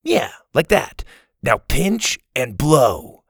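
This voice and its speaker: A man's voice: mid-range voice, big pitch swings, drawn-out words, husky, no echo, studio quality, exaggerated voice. A man doing a patient, encouraging boy. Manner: patient, instructive.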